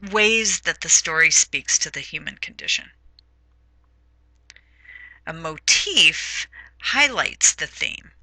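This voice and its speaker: A woman's voice: sits low, bright, forceful tone, no room sound, rough recording. A woman teaching a literature lesson in a recorded lecture, talking in a hesitant way with many fillers.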